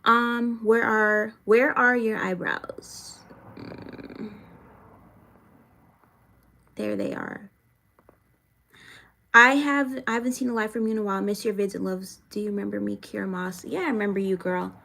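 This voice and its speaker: A woman's voice: mid-range voice, fairly even intonation, fairly quick, vocal fry, bright, forceful tone. A young woman from Florida chatting casually on a live stream, reading viewer comments aloud and venting frankly with plenty of swearing. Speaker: livestreamer answering chat.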